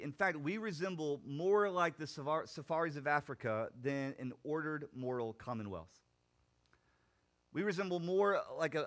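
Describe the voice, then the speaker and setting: A young man preaching a sermon as pastor, swinging from loud emphatic points to quiet, low asides, with a few restarts. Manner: animated preaching, rising loud then dropping quiet.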